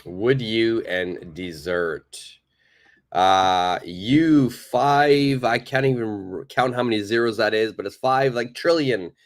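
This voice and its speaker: Lively man teaching English live. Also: on the low side, slow. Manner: lively, emphatic explaining, reads viewer comments aloud. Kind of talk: live online English lesson.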